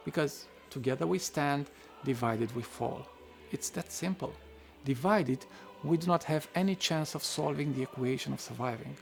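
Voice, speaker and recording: Gravelly man narrating an essay. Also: a little high. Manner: reflective, occasional wry asides.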